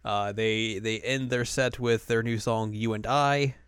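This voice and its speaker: A man's voice: fairly low pitch, fairly even intonation, measured pace, a bit bright, clear, resonant tone, no echo, clean studio sound. A man hosting a podcast, recapping an episode in a rambling, casual way with lots of fillers. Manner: rambling, filler-heavy, laughs often. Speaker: podcast host.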